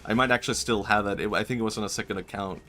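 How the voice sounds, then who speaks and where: A man's voice: fairly low pitch, fairly even intonation, rapid-fire, sharp tone. A man streaming a video game, chatting casually, joking, laughing often and dropping his own bits. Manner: rambling, jokey, laughs often, abandons bits. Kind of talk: casual gaming stream commentary.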